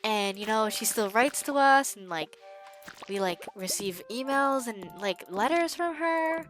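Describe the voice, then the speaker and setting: A woman's voice: fairly high pitch, expressive, measured pace, fairly bright tone, soft background music. A woman putting on the voice of a chatty, creepy elderly man, drawn out and sing-song.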